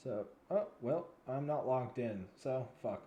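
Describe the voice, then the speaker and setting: A man's voice: medium pitch, animated, unhurried, warm tone, roomy sound, slight background noise. A man in his twenties giving rambling, frustrated commentary as a news vlogger, sounding weary and yawning now and then. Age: 20s.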